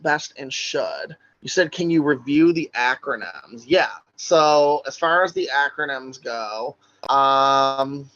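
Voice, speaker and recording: A man's voice: mid-range voice, a bit bright, muffled recording. A man teaching a recorded online class for social work exam prep, talking casually with lots of "right?" and "like".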